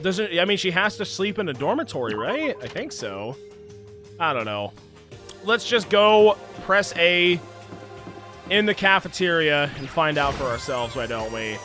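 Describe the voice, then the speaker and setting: A man streaming a video game, commenting and reading along in an excitable, jokey way. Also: fairly high pitch, unhurried, soft background music. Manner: excitable, jokey, trails into mumbles. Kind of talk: gameplay commentary and reading aloud.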